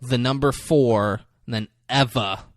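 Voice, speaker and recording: With a mid-range voice and measured pace, a podcast co-host retells a movie in casual conversation, going scene by scene. He laughs often and voices the lines energetically, and the studio sound is clean and echo-free.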